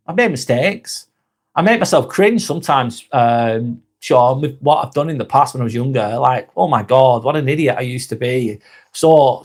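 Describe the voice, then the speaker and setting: A man's voice: mid-range voice, darkish tone. A man, hosting a casual live stream, chatting to viewers by name, laid-back and swearing freely. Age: 40s.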